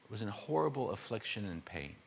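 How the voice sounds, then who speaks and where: A man's voice: fairly low pitch, very animated, brisk, creaky, in a large hall, slight background noise. An older man preaching a conversational, verse-by-verse sermon, explaining word meanings with informal asides to his congregation. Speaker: pastor.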